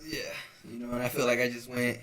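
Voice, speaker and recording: A man's voice: mid-range voice, level tone, fast, a bit bright. Rambling, cussing young man. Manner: rambling, profane, heavy on "you know, like" fillers. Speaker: podcast co-host. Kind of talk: casual chat.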